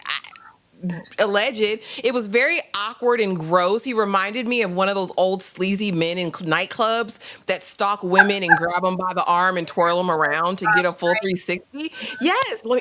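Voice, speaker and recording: A woman hosting a live review stream, talking casually to her viewers in an expressive, slangy way. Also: medium pitch, moderate pace, slight background noise. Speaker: host of a live reality show review stream.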